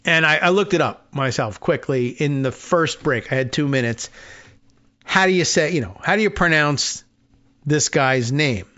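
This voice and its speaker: A man's voice: on the high side, moderate pace, bright, forceful tone. Rambling sardonic male talk host. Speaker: radio show host. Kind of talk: casual talk radio monologue. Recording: muffled lo-fi sound.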